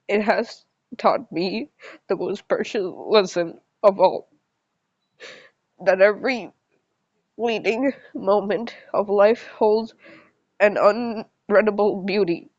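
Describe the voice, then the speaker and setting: A woman voicing a gentle, serene dying male clan leader in a calm, measured read. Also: mid-range voice, dry recording. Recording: slightly dull lo-fi recording.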